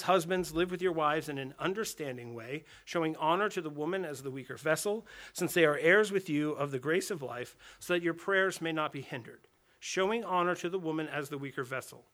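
A man delivers a sermon to a gathering of men in a slightly high voice. He preaches in a casual, talking way, asks rhetorical questions and says key lines twice. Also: fairly bright tone. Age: adult with a daughter and wife. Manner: conversational preaching with rhetorical questions and repeated phrases. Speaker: pastor.

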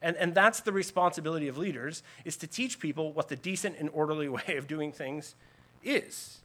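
A man's voice: on the high side, fairly quick, a bit bright. A man preaching a sermon, explaining scripture in an earnest teaching tone with emphatic lists. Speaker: pastor.

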